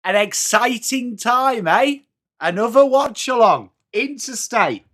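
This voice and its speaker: An English man hosts a live football watchalong, greeting his chat one name after another. His voice sits high and comes across bright and forceful, with the cheery, running patter of a regular streamer. It is starting to wear a little hoarse. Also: animated, slow. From England. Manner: chatty, upbeat, greeting viewers by name. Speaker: livestream watchalong host.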